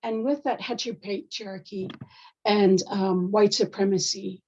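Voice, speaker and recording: A woman's voice: medium pitch, steady tone, a little slow, darkish tone. Woman moderating an online panel, firm and direct, kinda muffled lo-fi audio.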